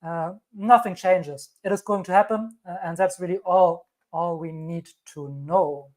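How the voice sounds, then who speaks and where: A woman's voice: fairly low pitch, fairly even intonation, a little slow, a little mellow. A woman with a thick German accent, hosting a live crypto stream, emphatic and reassuring, repeating her points and reading news aloud. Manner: reads news items aloud. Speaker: crypto channel host.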